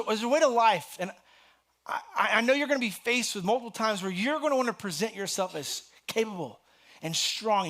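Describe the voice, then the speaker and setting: A middle-aged man preaching a conversational sermon as a pastor, lifting his voice for the scripture he reads. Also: high voice. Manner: conversational and animated, rising sharply on scripture. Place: church sanctuary.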